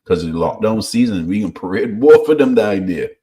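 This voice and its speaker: A man chatting casually about football, relaxed and friendly, calling his co-host bro. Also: on the low side, fairly quick.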